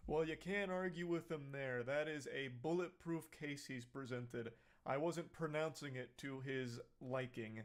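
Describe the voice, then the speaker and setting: A man's voice: medium pitch, measured pace. A man giving sarcastic, mocking reaction commentary on a video clip. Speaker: commentary YouTuber.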